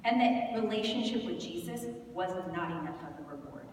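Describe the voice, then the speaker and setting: A woman in her thirties giving a candid, animated storytelling sermon at a conference, often laughing as she talks. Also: on the low side, moderate pace. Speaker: conference speaker. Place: large conference hall. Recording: echoey hall from far off, noisy.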